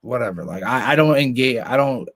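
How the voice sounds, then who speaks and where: A man co-hosting a casual podcast, swearing constantly and mimicking family members in high voices. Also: animated, fairly quick, a bit bright, no room sound, clean studio sound. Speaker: podcast co-host.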